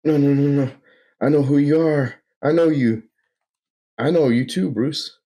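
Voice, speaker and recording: A man's voice: mid-range voice, unhurried, vocal fry, dark tone, voice pushed up. A man voicing a panicked grown man waking from long confinement, pleading and crying out. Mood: frantic denial.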